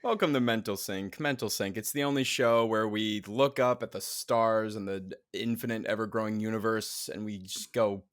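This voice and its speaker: A man's voice: lowish voice, steady tone, normal speed, few pauses, no room sound, studio quality. A man co-hosting a casual podcast, rambling and playful, laughing often. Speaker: podcast co-host. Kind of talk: casual chat.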